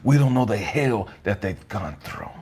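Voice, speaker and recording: A man giving an impassioned, profane motivational monologue, swinging between hushed whispers and raised outbursts. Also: fairly low pitch, lively intonation, moderate pace, husky. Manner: profane, blunt street talk. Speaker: motivational speaker.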